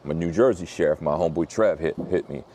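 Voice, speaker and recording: Casting: male pastor, deep mellow voice, casual slangy sermon storytelling. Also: fast talker, a little hiss or hum. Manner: laid-back slang-heavy preaching, lively when retelling.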